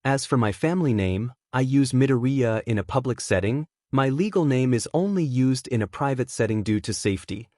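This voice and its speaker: A shy teenage boy voiced by a man sets his boundaries in a calm, firm tone. The voice is middle-pitched and recorded close and dry. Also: brisk, few pauses, no echo, close to an everyday voice.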